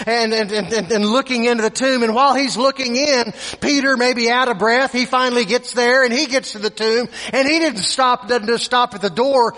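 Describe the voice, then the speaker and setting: A man delivers a sermon in a strikingly high, bright voice, slow and deliberate, stumbling over repeated words as he retells the story. The sound carries a long reverb, as if from a large hall. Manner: repeats words, dramatic pauses, voices characters in quotes. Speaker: preacher.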